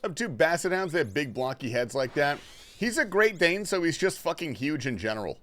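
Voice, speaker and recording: A man's voice: on the high side, sing-song, fairly quick, fairly bright tone. Laid-back, swearing young male streamer. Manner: laid-back, slangy and profane, reading and answering chat. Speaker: livestreamer. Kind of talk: casual gaming livestream chat.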